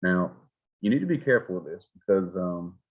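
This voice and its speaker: A man from South Georgia teaches an EMT class in a folksy, animated manner, sometimes acting out exchanges with patients. His voice sits very low, with a husky, slightly rough edge. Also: a little fast, narrow, tinny audio. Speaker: EMS instructor. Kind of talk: classroom lecture.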